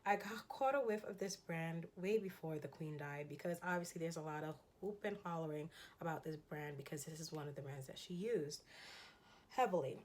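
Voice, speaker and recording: A woman with a slightly low-pitched voice chats eagerly through a shopping haul. She rambles casually, filling pauses with ums and small laughs. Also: a little hiss or hum. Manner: chatty and enthusiastic, frequent ums and laughs. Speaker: fashion haul vlogger. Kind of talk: casual haul chat showing items.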